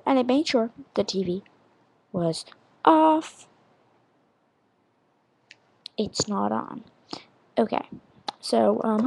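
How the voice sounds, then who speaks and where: A woman's voice: on the high side, gravelly, a little mellow. A young woman in her teens, casually vlogging, rambling and self-deprecating as she practices counting and saying words. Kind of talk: casual vlog chat.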